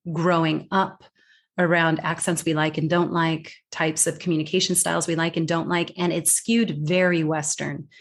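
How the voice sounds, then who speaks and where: Lower-pitched woman, quick emphatic coach. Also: flat delivery. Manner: quick, emphatic, restarts words, voices her clients' lines. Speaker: communication coach and author. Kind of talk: interview conversation.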